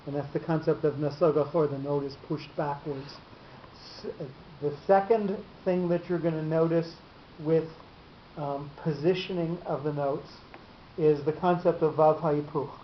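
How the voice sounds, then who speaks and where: A man teaching a class on Torah reading marks. He talks haltingly, with many fillers and repeated words. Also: fairly high pitch, fairly even intonation. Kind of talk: explaining cantillation marks in a class. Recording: dull echoey room recording with hiss.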